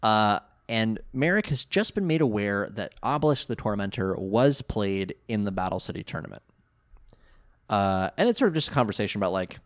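Low, dry-voiced man chatting casually. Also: expressive, moderate pace, no echo. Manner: rambling with many fillers and laughs. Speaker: podcast co-host. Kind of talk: casual chat recapping an anime.

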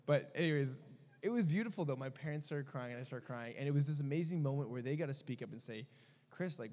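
A young man shares a personal story as part of a sermon, talking openly in a middle-pitched voice. He rambles and restarts, with many fillers. The sound rings with the long reverb of a church hall. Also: a little mellow. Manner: candid, rambling, full of fillers. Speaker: preacher.

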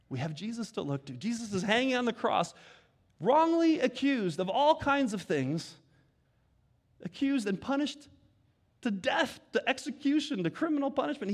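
A pastor preaching an earnest sermon that rises to emphatic peaks. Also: male voice, sits high.

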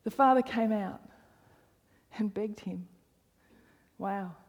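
A woman's voice: mid-range voice, slow, a little mellow. Emphatic woman preaching in a reverberant hall. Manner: emphatic, repeats phrases for stress, drops to near whisper. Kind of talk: sermon.

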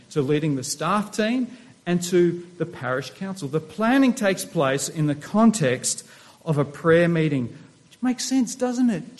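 High-voiced man preaching a sermon. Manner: asks the congregation rhetorical questions. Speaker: pastor.

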